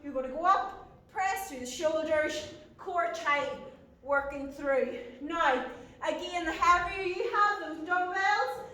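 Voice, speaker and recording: Fitness lady calling out short commands, super high voice, big echoey gym, a bit far from the mic. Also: sharp tone. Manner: brisk coaching cues, short commands. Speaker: fitness instructor. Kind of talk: workout tutorial instruction. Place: indoor gym.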